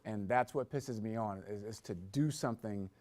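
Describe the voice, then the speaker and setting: A man's voice: on the low side, moderate pace, darkish tone. A man telling a personal story in a conversational way, then building to emphatic points as a motivational talk.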